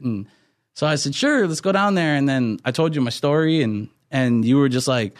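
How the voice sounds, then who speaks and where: A man's voice: mid-range voice, fairly quick, no room sound, studio quality. A middle-aged man, a pastor, earnestly telling his life story in a podcast interview, often restarting his sentences.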